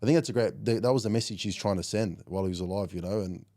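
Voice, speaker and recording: A man's voice: on the low side, racing. A young Australian man in his twenties, a guest on a casual podcast, telling stories with lots of "like" and "you know.". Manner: animated storyteller, heavy use of "like" and "you know". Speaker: guest, professional rugby league player.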